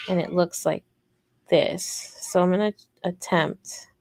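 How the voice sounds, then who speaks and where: Slow, gravelly woman chatting through a crochet tutorial. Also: fairly low pitch, steady tone, darkish tone, dry recording. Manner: chatty, rambling, talks directly to viewers. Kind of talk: casual livestream crochet tutorial.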